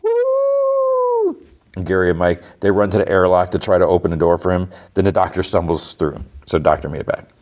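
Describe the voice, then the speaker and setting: A middle-aged man hosting a podcast, retelling an episode in a rambling, animated way with lots of fillers and restarts. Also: sits low, fast, hardly any pauses. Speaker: podcast host. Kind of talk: casual episode recap.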